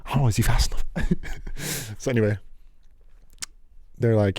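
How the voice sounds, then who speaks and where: A man telling a casual storytime tale, animated and laughing often, acting out the voices of people in it. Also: lowish voice, normal speed, long pauses, slightly rough, no echo, studio quality. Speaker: storyteller vlogger.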